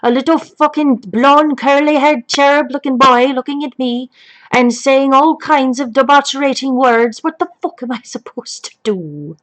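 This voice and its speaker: A woman's voice: sits high, moderate pace, lightly acted, rough recording. A woman playing a foul-mouthed elderly grandmother who rambles off topic and swears constantly. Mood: gossipy. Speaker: grandmother telling a story. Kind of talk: comedic improvised chat.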